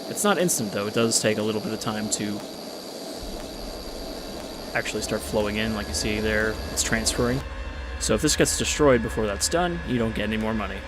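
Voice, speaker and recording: A man giving casual, relaxed commentary while he plays and explains a strategy game, in an offhand, explanatory way. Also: lowish voice, fairly quick, long pauses, noisy background. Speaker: gaming video host. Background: game music and unit sounds.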